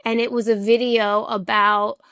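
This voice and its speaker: A woman's voice: a little high, flat delivery, a little slow, fairly bright tone, clean tone, no room sound, studio quality. A young woman speaking as a podcast guest, talking earnestly and reflectively, with frequent "you know" and "like" fillers. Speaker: podcast guest, chronic illness advocate. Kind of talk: candid conversational interview.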